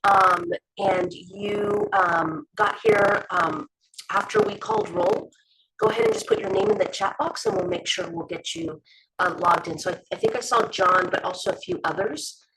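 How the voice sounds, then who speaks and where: A woman hosts a community meeting over a video call, her voice rising and falling in a lively way. The call audio is choppy, with faint noise underneath. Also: medium pitch, moderate pace, vocal fry, rough recording. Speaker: meeting facilitator.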